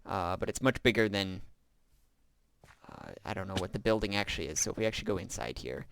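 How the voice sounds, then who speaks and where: A man's voice: low voice, lively intonation, quick pace, vocal fry, background noise. A man giving casual, rambling gameplay commentary as he shows a build, with frequent filler sounds. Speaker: gameplay video host.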